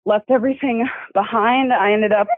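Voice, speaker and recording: A young woman telling her testimony over the phone, tearful and apologetic, talking haltingly and laughing nervously while she soothes her baby. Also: a little high, fairly even intonation, no echo. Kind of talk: emotional phone interview. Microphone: phone call. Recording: dry tinny phone line.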